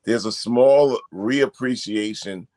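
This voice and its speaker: A man with a fairly low voice talking in a measured, emphatic way during a casual chat. The sound is dry and close, with no room around it. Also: darkish tone, dry recording. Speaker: guest. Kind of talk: casual talk.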